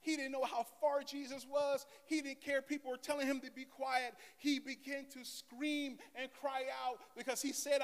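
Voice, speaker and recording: A high-voiced male pastor preaches dramatically, dropping to soft asides and rising to loud cries. He calls on the congregation to answer him. A long reverb hangs on every phrase. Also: little pitch movement, moderate pace, few pauses. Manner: call-and-response with the congregation. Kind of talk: sermon.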